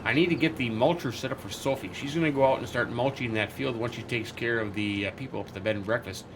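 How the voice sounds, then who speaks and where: A chatty man narrating his farm game in character, rambling along and thinking out loud with lots of ums and uhs. His voice sits at an ordinary middle pitch. A faint engine hum runs underneath. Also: fast talker. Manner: rambling, chatty, thinks aloud with many fillers. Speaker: game roleplay host. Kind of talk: casual in-character game commentary.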